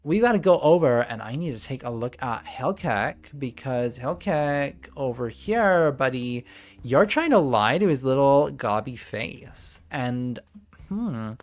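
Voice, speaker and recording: A man's voice: medium pitch, vocal fry. A young man running a tabletop game on a live stream, talking in a put-on valley girl voice, joking, swearing and laughing often.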